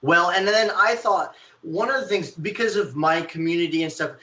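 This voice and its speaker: A man's voice: high-pitched, moderate pace, sharp tone. A man who runs martial arts schools, hosting a casual podcast chat and thinking aloud with many restarts. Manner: thoughtful, rambling, with many restarts. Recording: roomy echo.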